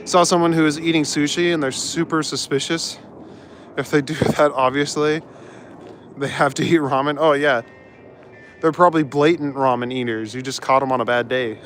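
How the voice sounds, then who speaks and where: A man's voice: on the high side, steady tone, moderate pace, long pauses, fairly bright tone, a little hiss or hum. A young man in casual chat as a live streamer, walking outdoors through city streets and chuckling as he answers his chat. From Canada. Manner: laid-back, chuckles often, reads out chat.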